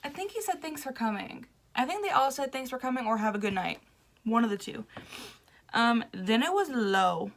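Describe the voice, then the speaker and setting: A young woman vlogger with a slightly high voice tells a story casually at a normal pace. She's animated, laughs often, and acts out the voices of the people she quotes.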